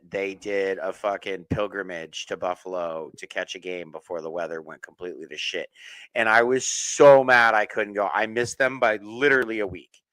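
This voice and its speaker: A man's voice: lowish voice, sharp tone, clear, resonant tone, no echo, low-quality recording. A man chatting as a guest on a casual podcast over a remote call, joking sardonically and swearing freely. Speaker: podcast guest, political activist.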